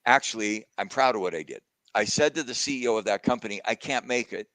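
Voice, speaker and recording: A man's voice: fairly low pitch, fast, fairly bright tone, dry recording. A man telling a personal story in a casual video-call conversation, reflective and at times emotional. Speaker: guest speaker.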